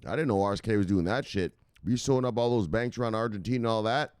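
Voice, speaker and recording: A male crypto news host in casual livestream chat, shouting out viewers with loud hype catchphrases, swearing and laughing. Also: on the low side, fast, clear, resonant tone, dry recording, studio quality.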